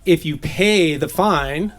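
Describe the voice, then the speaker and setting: A man's voice: a little high, takes it slowly. A man raised in Southern California giving an informal, conversational Bible teaching, laughing at his own jokes.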